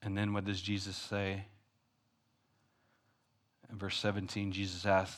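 A male pastor delivering a conversational, self-deprecating sermon, swinging between loud and hushed. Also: deep voice, completely flat delivery, unhurried, pauses often.

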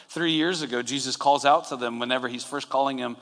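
A man preaching a sermon in a relaxed, conversational way, retelling scenes and acting out quotes. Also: mid-range voice, fast talker. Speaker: pastor. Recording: long hall reverb.

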